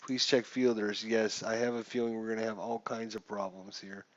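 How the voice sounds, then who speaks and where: A man's voice: fairly low pitch, flat delivery, normal speed, no echo, dull audio. A man giving casual gameplay commentary while playing a baseball simulation, chatty and thinking aloud as he checks the rules. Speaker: gamer playing a baseball sim.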